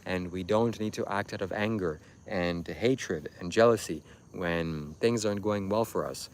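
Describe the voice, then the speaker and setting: Low-voiced man lecturing on a livestream. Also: a little slow, slight background noise. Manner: preachy, insistent, repetitive lecturing. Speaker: livestream host. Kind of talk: livestream monologue addressing chat.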